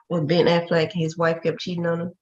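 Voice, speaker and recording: A woman's voice: lowish voice, monotone, moderate pace, darkish tone. Matter-of-fact woman, dull lo-fi sound. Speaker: co-host. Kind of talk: casual review chat.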